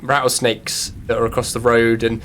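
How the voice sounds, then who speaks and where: A man's voice: medium pitch, monotone, moderate pace, a bit bright, slight background noise. A man narrating as game master, hesitant and full of fillers.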